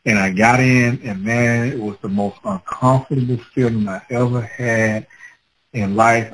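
A man with children telling a personal story in a casual, animated way, acting out his own past words with laughter. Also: mid-range voice, moderate pace, a little hiss or hum, rough recording. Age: adult with children.

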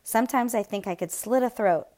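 A woman's voice: a little high, fairly quick, darkish tone, pitched above the performer's own voice, natural voice. A woman voicing a weary, protective uncle who speaks firmly and reassuringly, reading from a storybook.

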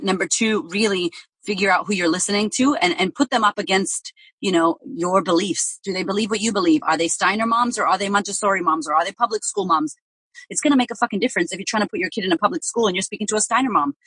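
A woman talks frankly about motherhood, swearing freely and acting out what other people say. Her voice is a little husky. The recording sounds close and dry, with no room echo. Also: medium pitch, fast. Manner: blunt, profane, animated storytelling with acted quotes. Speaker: parenting guest. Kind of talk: candid podcast conversation.

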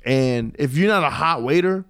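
A man's voice: a little high, animated, normal speed, a bit bright, no echo, studio quality. A man in his twenties telling a long story in casual podcast chat, rambling with many restarts and swearing freely. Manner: rambling, profane, restarts and trails off. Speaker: podcast co-host.

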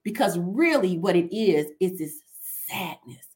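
Emphatic woman host with a lower voice. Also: lively intonation, unhurried, darkish tone. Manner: emphatic, repetitive, builds points step by step. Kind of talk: faith-based talk, preaching tone.

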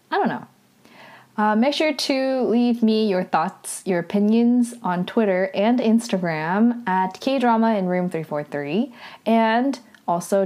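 Chatty young woman recapping an episode. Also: fairly high pitch. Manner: animated, filler-heavy, many 'like's. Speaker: podcast host.

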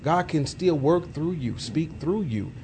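A man's voice: on the high side, lively intonation, measured pace, darkish tone, slight background noise. Reflective man giving advice. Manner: preachy, reflective, many fillers. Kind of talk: casual chat.

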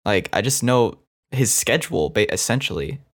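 A young man co-hosting a podcast, teasing his friends with playful, deadpan banter in casual chat. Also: mid-range voice, normal speed. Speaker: podcast co-host.

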